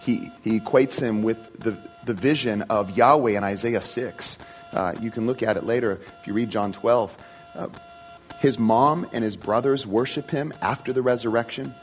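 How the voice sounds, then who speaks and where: A man's voice: medium pitch, normal speed, soft background music, poor audio. A man preaching a sermon in an earnest, emphatic way, often repeating and restarting words.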